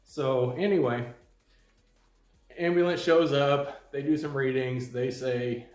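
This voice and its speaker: A middle-aged man telling a personal story to camera in a calm, plain-spoken way, with many ums and restarts. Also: mid-range voice, slow, echoey room, faint music behind. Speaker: channel host.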